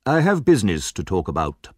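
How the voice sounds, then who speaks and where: A man's voice: sits low, huge pitch swings, fairly quick, a little mellow, no echo, studio quality, heavily acted. A man voicing a fat, self-important male parish official who speaks curtly and pompously.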